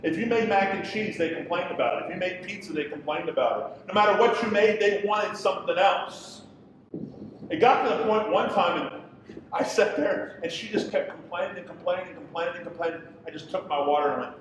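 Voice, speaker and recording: A middle-aged male pastor preaching, impassioned, swinging from loud pleading questions to quiet storytelling. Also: high-pitched, animated, brisk, a little hiss or hum. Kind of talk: sermon. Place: church hall. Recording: echoey hall from far off.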